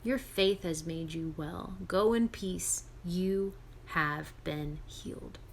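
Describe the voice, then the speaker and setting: A woman voicing a gentle, quiet male healer. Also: high voice, slow pace, vocal fry, a little hiss or hum, full character voice, low-quality recording.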